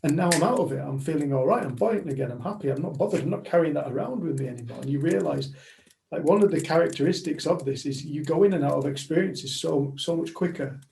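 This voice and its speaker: A man speaks in a casual group chat in a reflective, affirming way. His voice is mellow, with a gravelly fry. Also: a little high, quick pace, slight background noise. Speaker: community group member.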